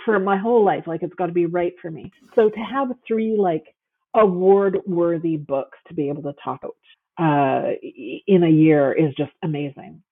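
A woman guest author chatting casually and enthusiastically, gushing with lots of fillers, heard over a call. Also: on the low side. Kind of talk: casual chat. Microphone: phone call. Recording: tinny phone line.

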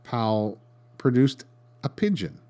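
A man's voice: medium pitch, sing-song, unhurried, warm tone. A man hosting a podcast, reading a scripted history narration with dry, sarcastic asides. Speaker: podcast host.

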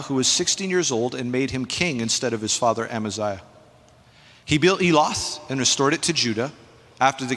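A male pastor preaching a sermon in an animated, emphatic, conversational way, with asides to the congregation, in a church sanctuary. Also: mid-range voice, big-room sound.

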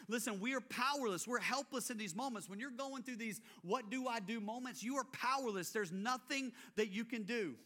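Animated male pastor preaching. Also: high voice. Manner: animated, acts out biblical figures, drops to quiet intensity. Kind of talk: sermon.

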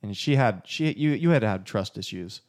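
A man's voice: fairly low pitch, brisk. Candid man telling his own story. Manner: candid, animated, self-deprecating. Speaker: podcast co-host, husband. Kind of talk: casual storytelling talk.

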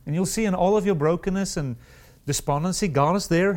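A man preaching a sermon, with repeated words and restarted phrases, and sudden rises in pitch. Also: fairly quick.

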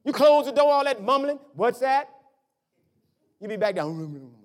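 An extremely high-pitched male pastor preaches at a measured pace, bringing animated storytelling to his sermon. He relays family moments by acting out how his parents spoke.

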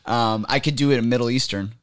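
A man's voice: medium pitch, smooth, no echo, clean studio sound. A man co-hosting a podcast in casual, joking chat. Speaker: podcast co-host.

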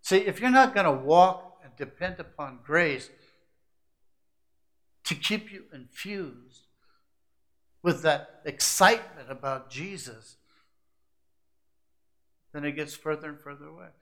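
Bright-voiced preacher with swelling, building delivery. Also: male voice, a little high, animated, slow pace, pauses often. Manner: swings from hushed, confiding asides to rising, emphatic climaxes; repetitive, building lists of short phrases. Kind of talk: sermon.

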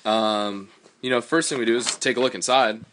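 A man in casual chat recounting a rope descent step by step, measured and halting with fillers. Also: medium pitch, steady tone, fairly bright tone, slight background noise.

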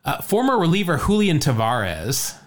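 A man hosting a laid-back podcast, telling a baseball story with lots of jokes. His pitch swings widely as he talks. He often repeats himself and restarts sentences. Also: huge pitch swings, moderate pace. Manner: chatty, jokey, stumbles and repeats words. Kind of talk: casual podcast chat.

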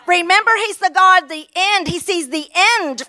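A woman in her fifties from Kentucky with a Kentucky accent, preaching a fervent sermon with exclamations and drawn-out words. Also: extremely high pitch, pushed and bright.

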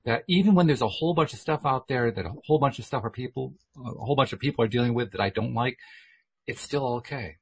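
A man's voice: medium pitch, fast talker, a little hiss or hum. A man in reflective casual conversation, talking thoughtfully with frequent restarts.

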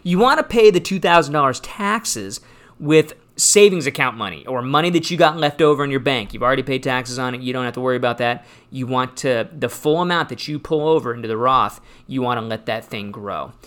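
A man's voice: mid-range voice, fairly quick, a bit bright. A man hosting a finance show as an advisor, talking casually and with energy, acting out clients' questions and answering them with emphatic punch. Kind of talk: casual radio-style finance talk.

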